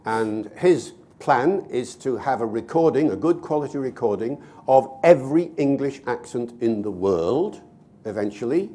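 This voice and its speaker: An older man, a linguist, explaining points in a lively, conversational way with the odd filler. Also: mid-range voice, moderate pace. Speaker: linguist guest.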